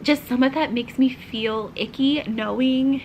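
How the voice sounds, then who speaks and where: A woman's voice: high-pitched, a little slow, a little mellow, a little hiss or hum, rough recording. A young woman vlogger chatting casually and gushingly about a book she is reading, sometimes dropping into half-whispered asides. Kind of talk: casual reading-vlog chat.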